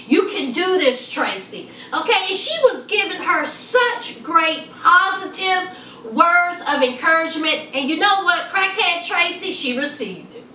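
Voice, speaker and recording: A woman's voice: very high-pitched, expressive, unhurried, bright, forceful tone, distant mic, a little hiss or hum. A woman recapping a reality show in a casual vlog, sassy and gossipy, teasing her viewers and calling them child and honey. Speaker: reality TV reviewer. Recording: echoey room, mic set back.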